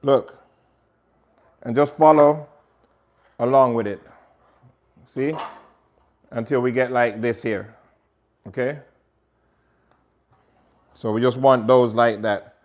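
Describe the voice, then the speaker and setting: A man's voice: medium pitch, fairly even intonation, slow, long pauses. A man with a Jamaican accent hosting a casual cooking demonstration in a home kitchen, chatting straight to viewers as he works. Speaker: cooking show host.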